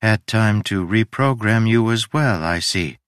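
A man's voice: on the low side, unhurried, smooth, no echo, studio quality, close to an everyday voice. A man voicing a stern, suspicious woman in an audiobook, cool and clipped.

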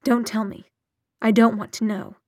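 Stern middle-aged mother voiced by a woman reader, clipped commanding speech, highish voice, dry recording. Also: little pitch movement, normal speed, dry recording, natural voice. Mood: sharp.

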